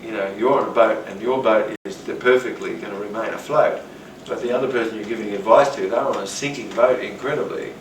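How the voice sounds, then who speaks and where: A man giving a rambling, animated talk on rapport, now and then acting out the voices of people he quotes. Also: fairly low pitch, a little fast, few pauses. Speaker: teacher. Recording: roomy, distant, noisy.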